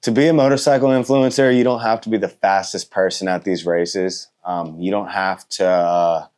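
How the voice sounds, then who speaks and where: A thirty-year-old motorcycle racer and content creator answers interview questions casually and politely, using lots of fillers and letting his sentences trail off. His low voice is clear, resonant, and a little mellow, with fairly even intonation at a moderate pace.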